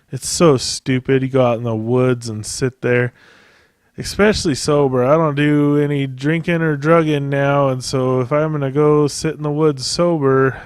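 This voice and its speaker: A man's voice: medium pitch, smooth, no echo, studio quality. A man hosting a podcast solo, rambling in a casual, profane way and laughing at his own jokes. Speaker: podcast host.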